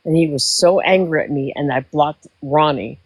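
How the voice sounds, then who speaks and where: A woman's voice: sits low, normal speed, no echo, rough recording. A woman in her sixties telling a long emotional story in casual chat, rambling. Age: 60s. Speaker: guest.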